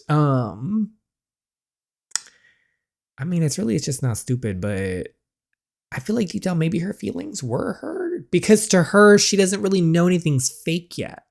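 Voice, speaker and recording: A channel host reading through a story game, chatty and reactive in casual commentary. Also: medium pitch.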